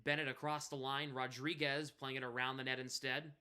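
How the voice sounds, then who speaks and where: Bright-voiced young hockey play-by-play streamer. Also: male voice, mid-range voice, fairly quick, clear, resonant tone. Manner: excited play-by-play, chatting with chat between plays. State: coughing, choking on saliva. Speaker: livestream hockey commentator. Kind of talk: live play-by-play commentary.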